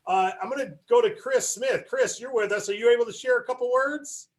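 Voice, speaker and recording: A man's voice: very high voice, fairly quick. A man hosting a sales training call, encouraging and praising his teammates. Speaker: sales team leader running a training call.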